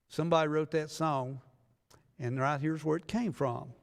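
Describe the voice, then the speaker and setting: A man's voice: on the high side, fairly even intonation, moderate pace, creaky. A man preaching a sermon, reading scripture and retelling the story in a folksy way, acting out the people in it. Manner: folksy storytelling, acts out biblical voices. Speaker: pastor. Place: church sanctuary. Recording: long church reverb.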